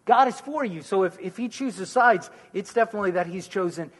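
A man's voice: sits high, a little fast, big-room sound. A man answering listeners' questions in a sermon, reassuring them and repeating key phrases. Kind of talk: conversational preaching.

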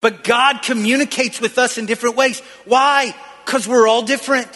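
A man's voice: very high-pitched, steady tone, normal speed, pushed and bright, in a large hall. A male pastor preaching a sermon in a church, throwing questions out to the congregation and calling for answers.

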